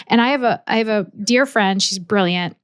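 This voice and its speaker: A woman's voice: medium pitch, moderate pace, clear, resonant tone, dry recording. A woman guest on an interview podcast, talking candidly and energetically, acting out quoted exchanges as she tells stories. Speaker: podcast guest, business mentor. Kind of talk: casual interview chat.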